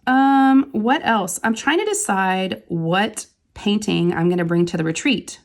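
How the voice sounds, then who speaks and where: A woman, a mother, chatting casually and rambling as she works on a craft project, laughing easily between thoughts. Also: mid-range voice. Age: adult with kids. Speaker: crafting channel host. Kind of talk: casual chat while diamond painting.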